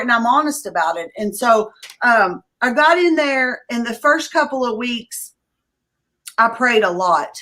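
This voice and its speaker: A woman's voice: mid-range voice, fairly bright tone. Candid woman. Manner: candid, conversational, blunt with profanity. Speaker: interview guest. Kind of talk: personal recovery testimony.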